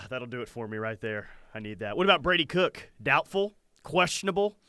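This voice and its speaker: A man co-hosting a casual sports talk show, animated and chatty, reading listener comments aloud. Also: medium pitch, moderate pace, dry recording, clean studio sound. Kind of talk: casual sports radio chat.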